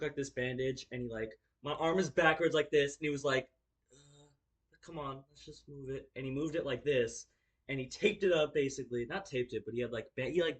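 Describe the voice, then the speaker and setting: A young man's medium-pitched, slightly bright voice carries a casual storytime vlog. He wanders through the tale with fillers, swearing and restarts, acting it out with his hands as he talks.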